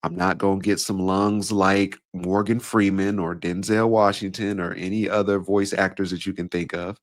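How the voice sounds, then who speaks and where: A man's voice: low-pitched, little pitch movement, normal speed. A man in his thirties hosting a solo podcast as a speaking coach, talking casually and acting out quoted voices playfully. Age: 30s. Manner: conversational, acts out quoted voices with playful swings.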